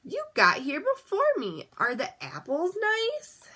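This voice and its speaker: A scheming storybook wolf, voiced by a woman reading aloud stretches every word out slowly and loudly. He coaxes and threatens in a lively sing-song that swoops up and down. The voice sits fairly high for a wolf. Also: heavily acted. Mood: coaxing. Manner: slow, drawn-out, booming threats. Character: sly hungry male wolf, scheming.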